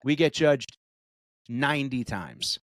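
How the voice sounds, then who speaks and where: A man's voice: mid-range voice, lively intonation, takes it slowly, no room sound. A male stand-up comedian co-hosting a podcast, chatting casually with emphatic, profane riffs. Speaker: podcast co-host.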